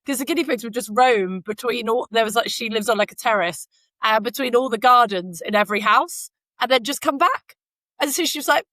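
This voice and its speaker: Fairly high-pitched and sharp in tone, she talks briskly on a dry recording. As a podcast co-host in Canada, she's a chatty storyteller who rambles casually and uses lots of fillers.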